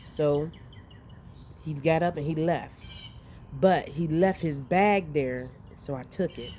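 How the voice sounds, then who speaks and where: A woman with a slightly low, mellow voice tells a story casually outdoors. She talks in an animated way, swears freely and laughs often. Faint rain and outdoor sounds are heard in the background. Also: slow pace, slight background noise. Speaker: vlogger recounting dreams. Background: rain and outdoor ambience.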